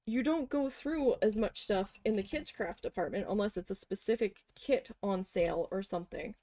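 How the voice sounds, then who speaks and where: A woman's voice: mid-range voice, normal speed, no echo. A woman telling a story about her job in a casual way while she paints, acting out what she and her boss said. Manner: animated retelling, acting out her boss and her own panic. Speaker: painting livestreamer.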